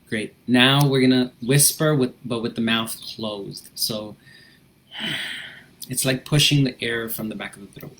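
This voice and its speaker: Man, calm breathing instructor, gentle reflective delivery, soft laughs, frequent check-ins. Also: medium pitch, a little slow, a little hiss or hum. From United States. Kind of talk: guided breathing lesson.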